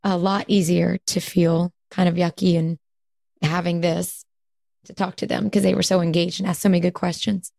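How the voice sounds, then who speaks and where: A woman co-hosting a podcast in casual chat, her voice hoarse, raspy and squeaky from a cold, chatty and quick to laugh. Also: flat delivery, warm tone, no room sound. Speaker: podcast co-host.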